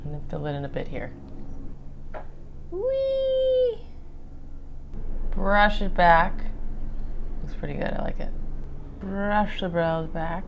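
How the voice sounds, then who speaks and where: A woman's voice: fairly low pitch, normal speed, vocal fry, lo-fi sound, slight background noise. A woman chatting through her makeup routine in a casual tutorial, playful and affectionate, calling viewers darlings. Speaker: makeup vlogger.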